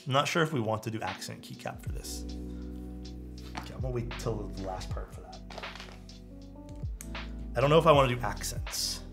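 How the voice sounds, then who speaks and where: Chatty male streamer, lively pitch. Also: normal speed, pauses often, soft background music. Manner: chatty, thinks aloud, answers chat. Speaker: streamer building a keyboard. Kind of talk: casual live-stream chat.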